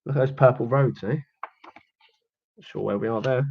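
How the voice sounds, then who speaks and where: A man presenting a lively children's activity show, teasing and cheering on kids at home, then reading a storybook aloud. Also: medium pitch, normal speed, gravelly, muffled recording, a little hiss or hum. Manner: playful, teasing, encouraging, calls out to children at home. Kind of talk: energetic kids' exercise show with storybook reading.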